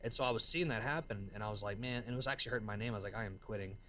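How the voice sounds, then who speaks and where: A musician and entrepreneur from the American South talks very fast in a mid-range voice while guesting on an interview. His storytelling is excitable and slangy, heavy on "man" and "dude." There's a little hiss or hum.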